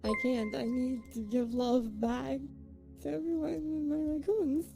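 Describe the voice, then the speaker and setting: A woman's voice: high-pitched, steady tone, unhurried, creaky, over music. A woman live streamer chatting casually with her viewers, thanking them by name and swinging between giggles and near tears.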